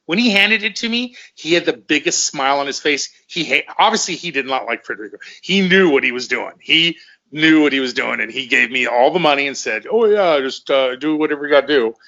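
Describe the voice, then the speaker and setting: Forceful middle-aged man telling fight stories. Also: medium pitch, expressive, brisk, dull audio. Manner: rambling, profane, repeats himself. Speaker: former fighter, guest. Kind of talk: casual storytelling in conversation.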